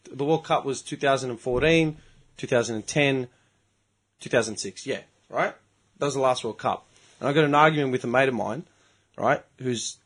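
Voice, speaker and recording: A middle-aged Australian man telling a story in casual podcast chat, animated and profane. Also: mid-range voice. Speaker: podcast host.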